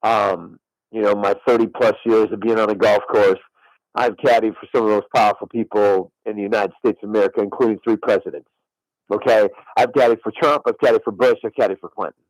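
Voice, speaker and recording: A man's voice: lowish voice, steady tone, brisk, no echo, poor audio. A middle-aged man, a former caddie, telling a long story on radio and swearing on his daughter's life. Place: radio studio.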